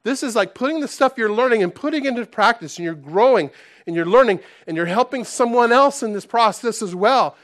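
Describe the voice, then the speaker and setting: A man preaching a sermon to his congregation, conversational and animated, dropping to soft asides and rising to loud exclaims, with frequent restarts. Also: very high-pitched, brisk. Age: adult, past college. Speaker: pastor.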